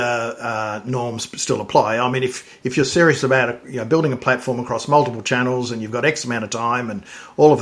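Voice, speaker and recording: Brief: mid-pitched man, relaxed podcast host, chatty and searching for words. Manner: conversational, casual, frequent restarts. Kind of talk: podcast interview chat.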